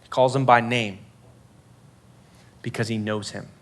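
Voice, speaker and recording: A man's voice: medium pitch, steady tone, measured pace, slight background noise. A man preaching a sermon to students in a casual, conversational way, full of fillers and acted-out quotes. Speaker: youth pastor.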